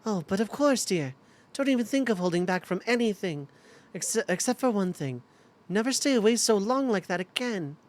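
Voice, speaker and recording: A woman voicing a kindly, solemn older nun in a video game, speaking slowly and softly. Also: medium pitch, expressive, close to an everyday voice. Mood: tender.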